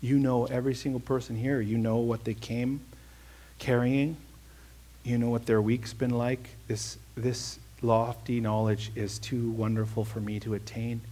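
A man's voice: medium pitch, warm tone. A man preaching a conversational sermon, telling a personal story with earnest emphasis and then leading a prayer.

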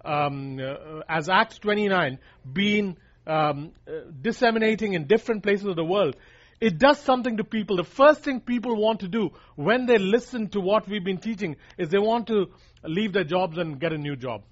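A man's voice: high voice, animated, normal speed. A man preaching a sermon, pressing his points hard and repeating key lines for emphasis while calling his listeners "guys.". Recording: dull lo-fi recording.

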